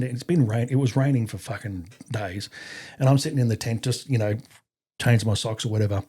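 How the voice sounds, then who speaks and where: A middle-aged Australian man, a podcast guest and army veteran, telling a story casually and profanely, acting out what others said. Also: lowish voice. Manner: profane, animated, acts out quoted voices.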